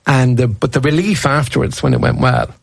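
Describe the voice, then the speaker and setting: A man's voice: medium pitch, fairly even intonation, fairly quick, creaky, husky, dry recording. A comedian in his fifties telling rambling anecdotes in a casual interview, restarting his sentences as he goes. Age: 50s. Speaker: stand-up comedian guest.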